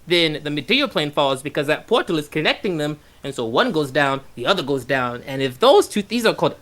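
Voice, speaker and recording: A man's voice: on the high side, big pitch swings, fairly quick, fairly bright tone. A man voicing a weary old woman with a world-saving mission, who talks in a dry, matter-of-fact, resigned way. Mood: grim.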